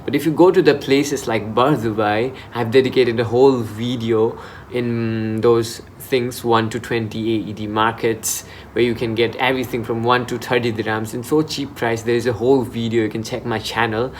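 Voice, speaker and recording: A man's voice: mid-range voice, fairly even intonation, normal speed, slight background noise. Chatty young man vlogging. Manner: chatty and informal, with frequent restarts. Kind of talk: casual advice vlog. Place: in Dubai.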